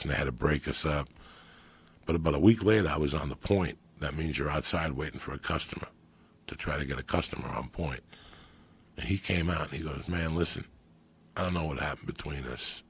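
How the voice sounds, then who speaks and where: A middle-aged man, telling profane street stories on a podcast, swinging between loud bursts and hushed asides. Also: rumbling low, husky. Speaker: comedian guest. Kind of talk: storytelling podcast chat.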